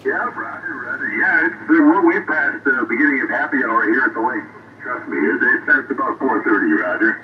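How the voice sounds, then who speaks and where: A man's voice: medium pitch, a little fast, distant mic. A man chatting casually as a radio operator, laid-back and often saying roger. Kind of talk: casual chat. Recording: muffled radio audio with heavy noise.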